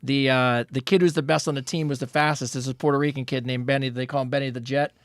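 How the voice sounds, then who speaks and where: A man's voice: mid-range voice, fairly even intonation, quick pace, no echo. A man co-hosting a podcast in casual chat, easygoing as he reads out listener questions.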